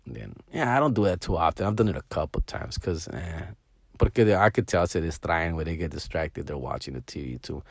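A middle-aged man telling casual stories, slangy and animated, mixing in Spanish words and dropping to hushed mumbles. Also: sits low, fairly quick, gravelly, no room sound, studio quality. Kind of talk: casual storytelling monologue.

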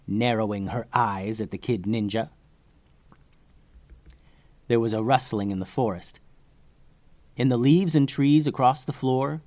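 A man hosting a children's story podcast, reading expressively and dropping to a hush for tense moments. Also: mid-range voice, no echo. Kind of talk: storytelling for kids.

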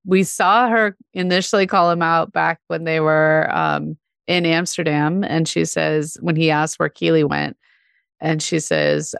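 Low gravelly woman, chatty. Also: steady tone, measured pace, dry recording, studio quality. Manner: chatty, filler-heavy, laughs often. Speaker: podcast co-host. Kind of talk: casual chat about a TV show.

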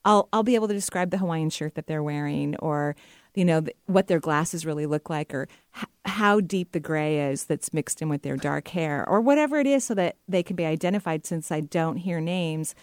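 A middle-aged woman hosting a talk radio show as a psychic medium, chatty and enthusiastic and quick to laugh. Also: deep voice, no room sound, studio quality.

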